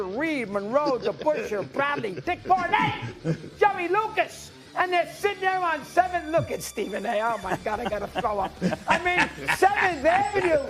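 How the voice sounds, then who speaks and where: An older man ranting loudly and indignantly, firing off rapid sports opinions in a TV studio. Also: very high voice. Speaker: sports debate guest. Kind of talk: sports debate rant.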